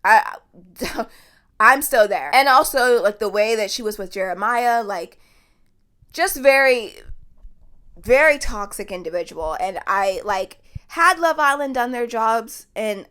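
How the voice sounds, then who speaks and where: A woman's voice: a little high, lively intonation, a little slow, bright, forceful tone, clear, resonant tone. Blunt, emphatic woman podcast host. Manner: emphatic, blunt, swears freely. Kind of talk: casual podcast commentary.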